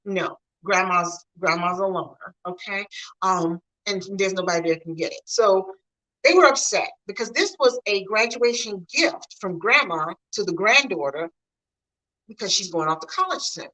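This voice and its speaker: Speaking at a moderate pace in a mid-range voice, this middle-aged Mid-US vlogger addresses her viewers directly from home. She's chatty and animated as she tells casual stories, though the audio quality is poor.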